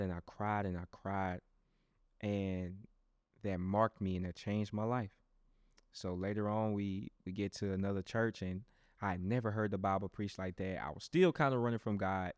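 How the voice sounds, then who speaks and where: A young man with a low voice tells his own story as a podcast host. His delivery is animated and loose, full of restarts, and he keeps turning to his listeners. The recording sounds close and dry, with no room around it. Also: no echo. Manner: animated storyteller who talks straight to listeners; loose and conversational, with frequent restarts. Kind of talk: personal testimony monologue.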